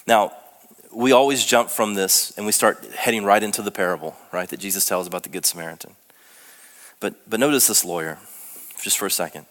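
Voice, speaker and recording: A young male pastor preaches in a loose, conversational style, often restarting his sentences and poking fun at himself. His voice sits fairly low, and a long reverb trails each phrase through the church sanctuary. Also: a little fast, a bit bright. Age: young adult. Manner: conversational, self-deprecating, with frequent restarts. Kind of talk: sermon.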